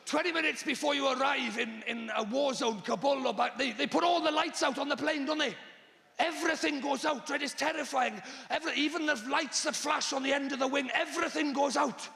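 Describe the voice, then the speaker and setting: A man doing a live stand-up routine on a large theatre stage, exasperated and bursting into shouts. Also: very high voice, a little fast, vocal fry, echoey room, in a large hall. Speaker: stand-up comedian.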